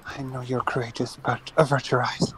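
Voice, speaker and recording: A man's voice: medium pitch, level tone, fast, slight background noise, natural voice, poor audio. A man doing a frightened, protective young woman.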